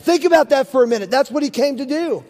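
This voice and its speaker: A man's voice: extremely high pitch, animated, fast talker, darkish tone. A middle-aged man, a pastor, preaching an earnest, emphatic sermon and calling out to his congregation. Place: church sanctuary. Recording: long hall reverb.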